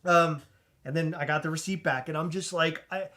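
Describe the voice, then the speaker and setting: A man co-hosting a podcast, telling a comedic story in an animated, excitable way, stumbling over restarts and shouting out retold lines. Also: on the high side, moderate pace. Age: adult with a child. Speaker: podcast co-host.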